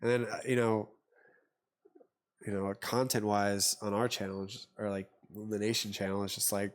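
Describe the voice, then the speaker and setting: A man's voice: fairly low pitch, level tone, moderate pace. A man hosting a podcast, talking in a loose, rambling way with lots of fillers, restarts and some swearing. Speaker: podcast host. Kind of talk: casual chat.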